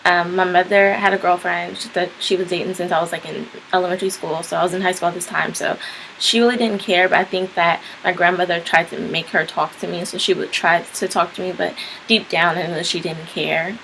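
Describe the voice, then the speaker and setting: A woman's voice: fairly low pitch, fairly even intonation, fairly quick, gravelly, a bit bright, slight background noise, poor audio. A young woman casually telling a personal story to camera, rambling with lots of "like" and "um". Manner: rambling, frequent "like" and "um" fillers. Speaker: vlogger.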